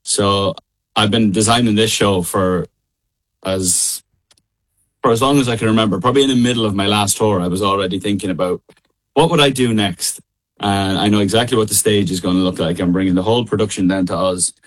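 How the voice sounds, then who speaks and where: A man with a middle of Ireland accent, a guest singer chatting casually in a radio interview over a call, relaxed, laughing often and full of fillers and restarts. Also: fairly low pitch, a little fast. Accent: Irish, middle of Ireland. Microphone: call line.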